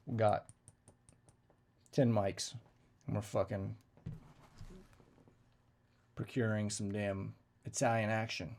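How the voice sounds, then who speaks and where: A man's voice: lowish voice, little pitch movement, slow pace, long pauses, darkish tone. A man telling a casual, profane story and acting out the exchanges he quotes. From United States. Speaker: veteran storyteller.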